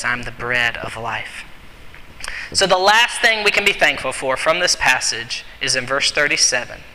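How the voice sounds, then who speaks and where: A man delivers an earnest sermon in a slightly high, very bright, forceful voice, repeating key phrases for emphasis. The sound rings with a long hall reverb. A faint hiss sits underneath. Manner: earnest, repetitive emphasis, drops to a whisper on quotes. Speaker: preacher.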